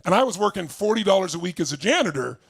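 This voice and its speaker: A man's voice: high-pitched, very animated, fast, vocal fry, fairly bright tone. A man giving a motivational talk, telling a personal story with enthusiasm and acting out the other people in it. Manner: enthusiastic, acts out voices in anecdotes. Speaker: motivational speaker.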